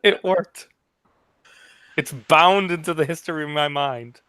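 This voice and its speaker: A man's voice: a little high, normal speed, bright, forceful tone, smooth, no room sound. A man hosting a livestream in casual banter, rambling with many stammering restarts.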